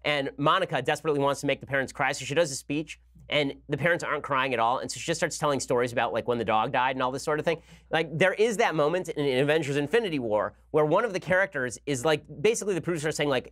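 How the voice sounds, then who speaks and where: A man hosting a podcast, delivering a rapid, sarcastic solo commentary rant into a studio microphone. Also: a little high, fairly bright tone. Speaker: podcast host.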